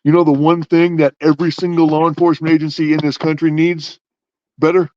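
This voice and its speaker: A man's voice: fairly high pitch, little pitch movement, a little fast, darkish tone, no room sound, highs cut off. A man hosting a podcast who argues his points casually, stacking up rhetorical questions. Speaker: podcast host.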